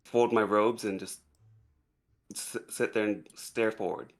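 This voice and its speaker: A man playing a tabletop role-playing game, speaking in a calm, composed way as his character. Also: lowish voice, measured pace. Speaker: player.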